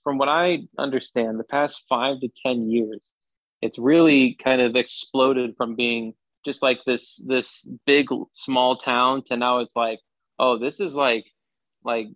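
A young man talks in a loose, upbeat way, stumbling over and restarting his sentences as he chats as a guest. His voice sits at an ordinary middle pitch. The remote audio sounds muffled and dry, with no room around it. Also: no echo. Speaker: sports anchor, podcast guest. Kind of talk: casual podcast chat.

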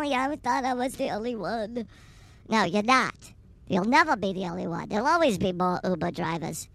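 A man's voice: sits high, creaky, fairly bright tone, exaggerated voice. A man voicing a brash, flirty middle-aged woman passenger who rambles crudely and teases her driver in an improvised comedy sketch.

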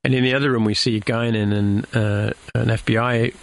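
A man's voice: mid-range voice, fairly even intonation, brisk, vocal fry. A man casually recapping a TV episode as a podcast co-host, rambling with many fillers and restarts.

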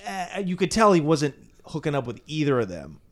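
A man's voice: on the high side, very animated, brisk. A young man co-hosting a podcast, telling a rambling, crude story in casual chat. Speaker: podcast co-host.

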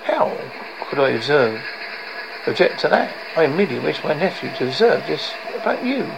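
A man's voice: on the high side, sing-song, moderate pace, vocal fry, very noisy. A man voicing a scheming, cruel old nobleman in a novel reading, silky and mocking.

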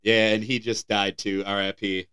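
Young American podcast co-host, bright and crisp voice, jokey headline reader. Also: male voice, on the low side, level tone, moderate pace. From United States. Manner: joking, stumbles over words while reading. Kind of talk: casual podcast chat, reading headlines.

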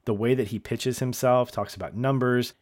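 A man's voice: mid-range voice, fairly even intonation, moderate pace, no room sound, studio quality. A man from the American South, co-hosting a podcast and chatting enthusiastically about a TV show, laughing often. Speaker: podcast co-host. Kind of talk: casual chat recapping a TV show.

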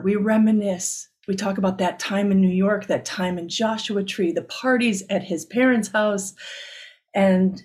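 A woman's voice: medium pitch, darkish tone. A middle-aged woman telling an intimate, confessional personal story.

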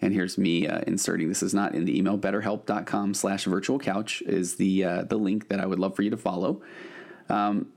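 A man's voice: low voice, fairly even intonation, a little fast, vocal fry, darkish tone. A middle-aged man hosting a podcast as a therapist, talking casually with fillers and restarts. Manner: conversational, with frequent fillers and restarts. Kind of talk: casual podcast intro and ad read.

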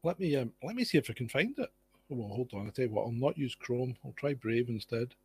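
A man's voice: mid-range voice, lively intonation, fairly quick, darkish tone, husky. A Scottish man chatting casually over a video call, laid-back and wry, swearing now and then. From Scotland. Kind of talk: casual online chat.

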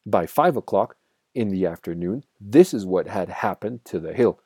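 A man reading a children's storybook aloud in an expressive, dramatic way. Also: on the low side, moderate pace, breathy edge, dry recording, studio quality.

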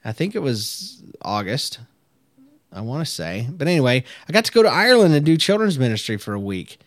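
A man's voice: medium pitch, very animated, brisk, no room sound. A man in his thirties, a children's pastor hosting a podcast, talking in a chatty, upbeat way with lots of fillers and restarts. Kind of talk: casual podcast talk.

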